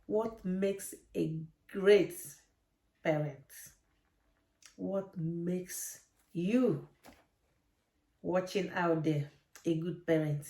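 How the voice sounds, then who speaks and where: A woman's voice: fairly low pitch, very slow, long pauses, mellow. A woman, a mother, talking straight to camera with parenting advice, earnest and preachy and repeating her points. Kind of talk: direct-to-camera advice talk. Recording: echoey room.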